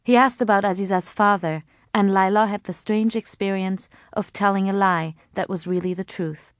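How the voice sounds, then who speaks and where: A woman reads a novel aloud in a measured, even way. Her voice sits at an ordinary mid pitch. The recording is dry and close. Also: clear, resonant tone, dry recording. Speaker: audiobook narrator. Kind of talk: scripted narration.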